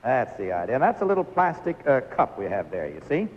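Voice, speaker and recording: A man's voice: medium pitch, huge pitch swings, brisk, muffled recording. A man hosting a live 1950s television game show, coaxing contestants through stunts with a jovial, laughing manner.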